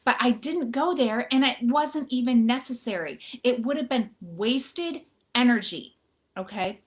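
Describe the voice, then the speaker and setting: A woman's voice: fairly high pitch, expressive, measured pace. A woman hosting a live video, talking casually and chattily to her viewers, rambling a little and calling them "you guys". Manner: rambling, full of fillers and restarts. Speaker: motivational author and group host.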